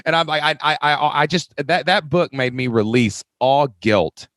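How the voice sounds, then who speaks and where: An excitable man hosting a podcast, chatting in a loose, slangy way. He often jumps up in pitch to act out what someone said. His voice sounds dry and close, with no room echo. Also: normal speed. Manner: excitable, slangy, says "dude" and "man" a lot; jumps high in pitch when acting out quotes. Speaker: podcast host. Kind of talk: casual podcast conversation.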